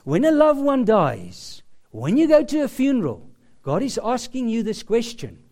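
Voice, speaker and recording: A man preaching a sermon, slow and emphatic, with dramatic pauses. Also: extremely high pitch, huge pitch swings, a little mellow.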